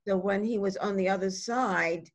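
An interviewer asking questions and reacting with brief interested responses, husky voice. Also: mid-range voice, moderate pace.

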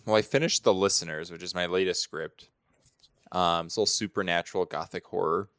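Smooth low-voiced man, halting. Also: steady tone, a bit bright, no room sound, studio quality. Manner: halting, rambling with many fillers. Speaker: podcast co-host, screenwriter. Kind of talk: casual chat.

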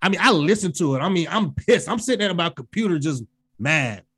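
A woman co-hosting a podcast, talking in an easy, everyday chat style. Her pitch swings widely as she builds her points, and she jumps into high, yelping exclamations whenever she quotes her own reactions. She swears freely and leans hard on her words. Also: brisk, husky. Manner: animated and emphatic, profane, acts out her own reactions in sudden high yelps. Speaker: podcast co-host. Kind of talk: casual music review chat.

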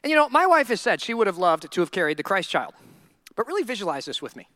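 High-voiced, joking male pastor. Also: quick pace, no room sound, studio quality. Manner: humorous, animated storytelling. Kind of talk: sermon.

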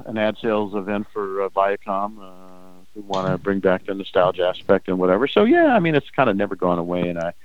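Older man telling lively stories. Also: lowish voice, gravelly, dry recording, phone-quality sound. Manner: animated anecdotes with quoted voices and laughs. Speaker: interview guest, former game show host. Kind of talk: casual storytelling interview.

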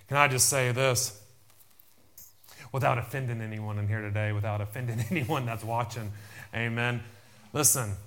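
A man's voice: mid-range voice, a bit bright. A man preaching a fervent sermon, repeating himself and calling out amen and church. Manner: fervent, repetitive preaching with many amens.

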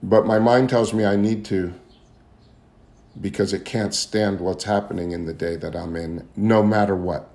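The man speaks at a moderate pace in a steady, lowish voice with a darkish tone and vocal fry, telling his own recovery story as a testimony talk. He's earnest and confessional, and repeated phrases mark his search for words.

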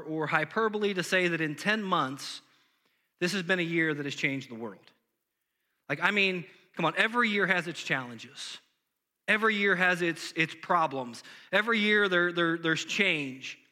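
A man's voice: fairly high pitch, bright, forceful tone. A young man, a pastor, preaching a sermon in a casual, conversational way, full of fillers and asides.

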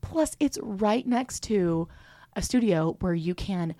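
A woman co-hosting a podcast, chatting casually in an excitable, giggly way. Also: mid-range voice, slow pace, no room sound. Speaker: podcast co-host. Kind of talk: casual chat.

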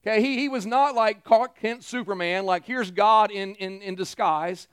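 A man's voice: sits high, normal speed, fairly bright tone, smooth, no echo. A man preaching a sermon in a conversational way, acting out the quoted lines from the story. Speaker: pastor.

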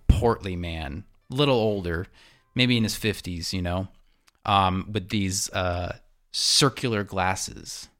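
A man narrating as game master in a tabletop game, casual and halting. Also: low voice, a bit bright.

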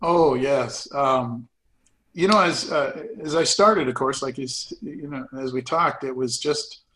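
A man's voice: mid-range voice, fairly bright tone, poor audio. An older man, a retired pastor, telling folksy stories with frequent laughs in a casual conversation.

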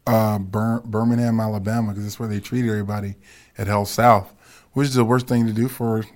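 A man's voice: on the low side, flat delivery, a little fast, darkish tone. A man, a football coach and guest, telling stories in a casual podcast chat and laughing as he talks. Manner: storytelling, laughs while talking.

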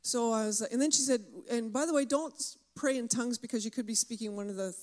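A woman preaching a sermon with fervent emphasis, slowing down to stress key words. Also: on the high side, a little mellow.

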